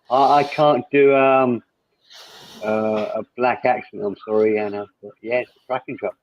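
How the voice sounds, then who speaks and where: A man's voice: medium pitch, steady tone, normal speed, no room sound. A man hosting a casual live chat, rambling along and reading viewer comments aloud. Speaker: host. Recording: tinny phone-like line, dry.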